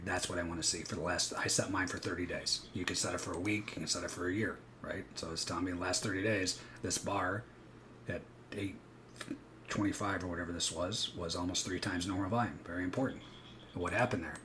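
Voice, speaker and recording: A man coaches viewers through live futures trades, explaining chart patterns, firing off rapid asides and acting out panicked traders with bursts of animated energy. His voice is on the low side, with a little hiss or hum in the recording.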